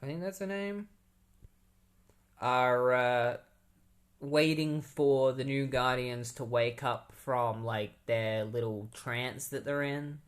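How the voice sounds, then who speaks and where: A man's voice: mid-range voice, slow. A man hosting a podcast, casually recapping a comic book story in a rambling way with many fillers. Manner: rambling, heavy use of "like" and "um" fillers. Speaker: podcast host.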